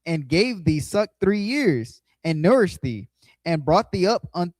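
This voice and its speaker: A man reading archaic scripture aloud in a steady, measured way. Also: high-pitched, no echo. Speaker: scripture reader.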